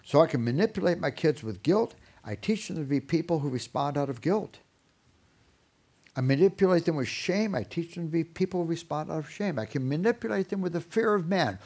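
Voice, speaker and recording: Husky man giving an animated talk on parenting. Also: fairly high pitch, a little fast. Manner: animated storyteller, mimics parents and kids. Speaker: Christian parenting speaker. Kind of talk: sermon-style talk with acted parent voices.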